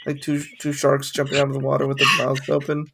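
A man's voice: mid-range voice, monotone, fast, gravelly, a little hiss or hum. A young man co-hosting a podcast, rambling and swearing casually as he riffs on ideas and laughs at his own jokes. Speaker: podcast co-host. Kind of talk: casual chat.

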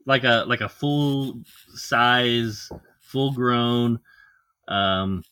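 A man's voice: mid-range voice, fairly even intonation, drawn-out words, pushed and bright, clean tone, no room sound. Crude joking man, dry close mic. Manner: crude, joking, reads news aloud. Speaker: podcast co-host. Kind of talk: casual chat.

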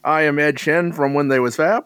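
A man hosts a podcast in casual chat, joking lightly as he hands questions to his co-hosts. His voice sits a little high and the sound is close and dry. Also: moderate pace, clear, resonant tone, dry recording. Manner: relaxed, joking host asking co-hosts questions. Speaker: podcast host.

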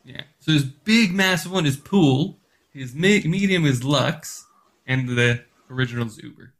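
Slow, halting game master, a man. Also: medium pitch, fairly bright tone. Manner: halting, lots of fillers and restarts. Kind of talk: running a tabletop game podcast.

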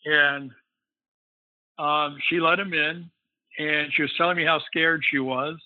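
A man's voice: a little high, fairly even intonation, a little slow, no echo. Man telling a story over a phone line. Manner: rambling, frequent "you know" fillers. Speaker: guest. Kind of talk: casual storytelling.

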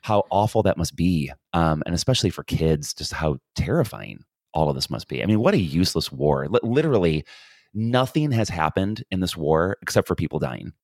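A man's voice: sits low, sing-song, fairly quick, darkish tone, no echo, clean studio sound. A man co-hosting a podcast, talking casually with lots of ums and restarts. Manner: rambling, many fillers and restarts. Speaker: podcast co-host. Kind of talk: casual chat. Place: lives in Ireland.

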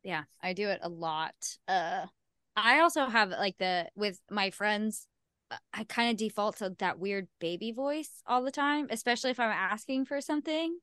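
A young woman chats candidly as a podcast guest, mocking herself, cursing freely and laughing easily. Her voice sits at an ordinary pitch for a woman. The recording is close and dry, with no room sound. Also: normal speed, a bit bright, clear, resonant tone, no echo. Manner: frank and self-mocking, swears freely, laughs often. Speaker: podcast guest, singer-songwriter. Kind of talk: candid casual chat.

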